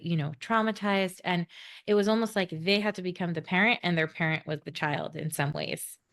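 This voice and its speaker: A woman co-hosting a podcast, talking in an earnest, reflective way and explaining ideas at length. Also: on the low side. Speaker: podcast co-host.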